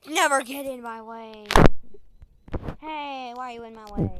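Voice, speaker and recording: A woman giving casual game commentary, excitable, shrieking and giggling as she plays. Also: a little high, a little slow. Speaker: gamer. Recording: loud background noise.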